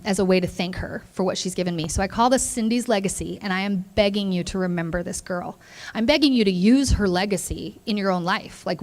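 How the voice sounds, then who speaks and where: A young woman, a therapist, giving an earnest and emotional motivational speech to students. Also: mid-range voice. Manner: earnest, emotional, addresses listeners as "you guys". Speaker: keynote speaker, therapist.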